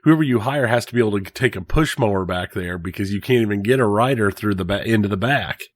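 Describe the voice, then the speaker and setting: A man's voice: on the low side, fast talker, dry recording, clean studio sound. A man co-hosting a podcast in casual chat, wry and joking. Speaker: podcast co-host.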